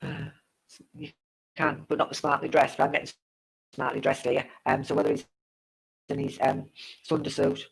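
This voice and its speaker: Woman, psychic medium on a live stream. Gravelly voice, chatty and repetitive. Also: extremely low pitch, normal speed, pauses often, rough recording. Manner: chatty, repetitive, laughs at tech trouble. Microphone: live-stream setup with a glitchy connection.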